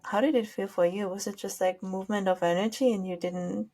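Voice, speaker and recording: Woman host asking gentle questions. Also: mid-range voice, steady tone, fairly quick. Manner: warm-toned questions, laughs often. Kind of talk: interview.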